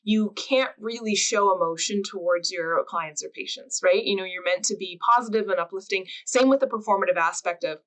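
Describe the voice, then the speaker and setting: A woman's voice: medium pitch, fairly quick, hardly any pauses, low-quality recording. A woman hosting a podcast, talking casually in long, chatty run-on sentences. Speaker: podcast host.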